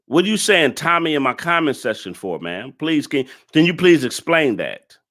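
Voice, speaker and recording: Animated exasperated male stream host. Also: on the high side, normal speed. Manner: animated, exasperated, scolding chat commenters. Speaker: live stream reaction host. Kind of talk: reaction commentary to a clip.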